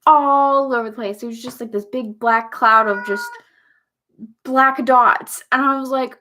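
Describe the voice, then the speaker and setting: A woman's voice: a little high, fairly even intonation, unhurried, bright, forceful tone, a little hiss or hum. A young woman hosting a casual livestream chat, talking to her viewers and cooing at her cat. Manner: chatty, talks baby talk to her cat. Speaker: livestream host.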